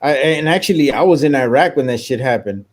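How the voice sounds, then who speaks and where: An American man in casual podcast chat, telling profane, animated war stories and jokes. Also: mid-range voice, brisk. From United States. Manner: profane, animated storytelling with loud impressions. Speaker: podcast co-host, military veteran.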